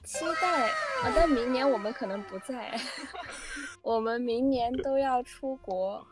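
A woman chatting in a friendly, quick way on a video call, switching between languages. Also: fairly high pitch, faint music behind. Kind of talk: casual video chat.

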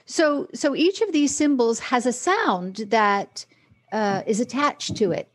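A woman's voice: a little high, expressive, slow pace, no room sound. A woman voice and speech coach, a guest on a casual podcast, talking with enthusiasm, articulating precisely and laughing easily. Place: home in Philadelphia.

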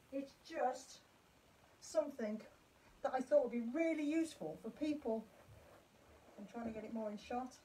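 A woman music teacher leads a live-streamed lesson for parents, chanting rhythm syllables in a chatty, encouraging manner. Her voice is fairly high and mellow, captured from far off the mic, with slight background noise.

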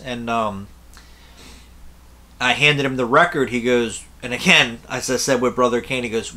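Blunt, rambling man with a bright voice. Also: medium pitch, normal speed. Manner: rambling, blunt, swears freely. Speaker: concert reviewer. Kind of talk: casual storytelling to camera.

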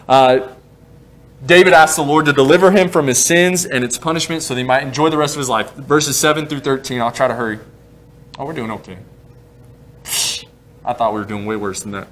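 Male pastor preaching, fairly high voice, animated, joking, self-deprecating. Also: a little hiss or hum. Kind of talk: sermon. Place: church sanctuary.

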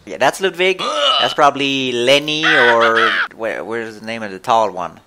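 A young man giving jokey, excitable commentary while playing a video game. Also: mid-range voice, unhurried, heavy background noise. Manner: excitable, jokey, yelps and laughs. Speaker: let's play gamer. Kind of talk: casual gameplay commentary. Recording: game music loud under the voice.

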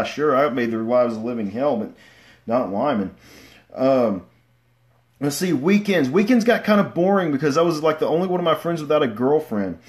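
Rambling man telling stories. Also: medium pitch. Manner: rambling, self-deprecating, many fillers and restarts; bursts into loud shouts when acting out stories. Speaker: vlogger. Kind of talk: casual storytelling livestream.

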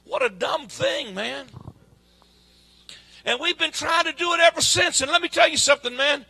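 A guest preacher delivers a fervent sermon at a church service, swinging between shouts and quiet asides in folksy grammar. His voice is very high and creaky, at a moderate pace.

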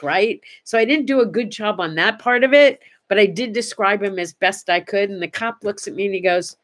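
Woman chatting on her morning vlog, lively storyteller, acts out the dialogue, mid pitch. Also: fairly quick, few pauses. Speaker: host.

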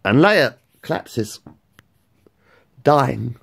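A man telling a made-up story in a casual, rambling, excitable way, swearing freely. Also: mid-range voice, drawn-out words, creaky, slightly rough. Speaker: vlogger.

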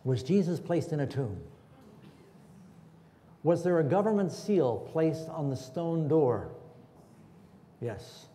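A man's voice: fairly high pitch, lively intonation, slow pace, pauses often, warm tone, slight background noise. A man preaching a sermon in a church and asking the congregation questions. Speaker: pastor. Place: church hall. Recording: echoey church hall.

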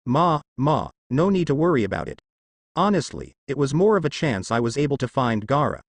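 A man's voice: mid-range voice, sing-song, brisk, creaky, dry recording. A man doing a lazy, amused cloaked ninja.

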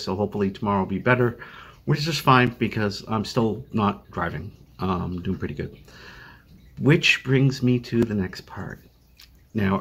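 A fairly low, fairly bright male voice comes through with slight background noise. It belongs to an older Boston-accented vlogger living with chronic illness, giving a weary, meandering personal update from home via a phone webcam, with plenty of fillers and restarts.

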